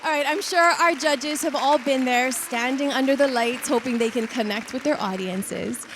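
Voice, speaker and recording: A woman hosts a televised talent show with polished, upbeat presenting. Her voice sits a little high. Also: normal speed, background noise. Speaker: host. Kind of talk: TV competition hosting.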